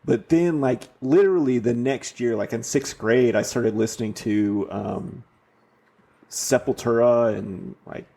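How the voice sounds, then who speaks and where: A man's voice: medium pitch, a little slow, creaky, dark tone. A man in his forties co-hosting a podcast, chatting in a laid-back, rambling way. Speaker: podcast co-host. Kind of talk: casual chat.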